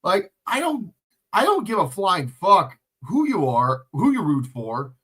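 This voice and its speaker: A man's voice: sits high, very animated, unhurried, bright, forceful tone, husky. A man ranting and cursing bluntly while calling a football game live on a stream, lecturing the players between plays. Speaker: livestream commentator. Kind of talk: profane ranting play-by-play commentary.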